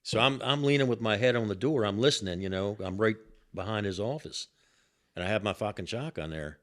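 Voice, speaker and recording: Forceful profane older storyteller. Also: male voice, fairly low pitch, fairly quick. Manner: animated, profane, repeats himself. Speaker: guest, host's father. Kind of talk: casual podcast storytelling.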